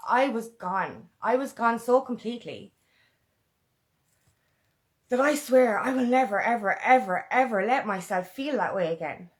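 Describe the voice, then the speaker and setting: A woman's voice: on the high side, animated, measured pace. A woman empowerment coach talking earnestly and emotionally in a motivational vlog, often repeating a mantra. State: emotional, close to tears.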